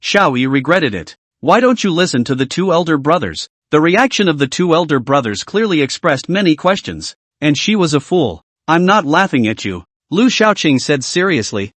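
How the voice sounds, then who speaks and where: A man reading out a fantasy story recap in a brisk, animated way. His voice sits fairly high and rises and falls a lot. The recording is dry, with no room sound. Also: no room sound. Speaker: recap narrator. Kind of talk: scripted story narration.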